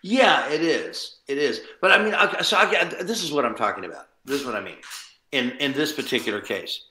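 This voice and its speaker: A man, a voice actor guest, chatting casually in an interview, animated and quick with asides and chuckles. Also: medium pitch, a little hiss or hum. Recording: roomy echo.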